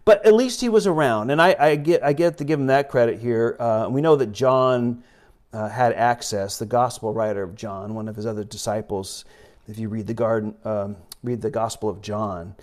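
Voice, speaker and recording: A man's voice: fairly low pitch, normal speed, a little mellow. Man preaching casually with many fillers. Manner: rambling, conversational, many fillers and restarts. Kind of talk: informal sermon with scripture reading.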